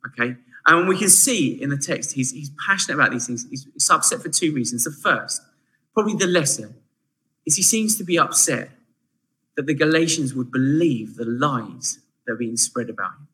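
A man preaching a sermon in a chatty, animated way, often turning to the listeners with asides. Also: sits high, poor audio.

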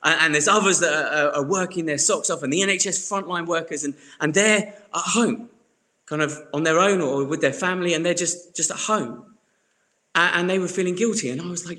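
A young adult man, preaching a sermon in an earnest way that swings between soft reflection and emphatic bursts. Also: fairly high pitch, fairly quick. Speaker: pastor.

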